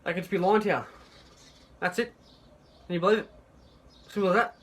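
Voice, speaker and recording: High-pitched man, halting and assertive, talking to camera. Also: very noisy. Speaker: flat earth video maker. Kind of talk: monologue clip.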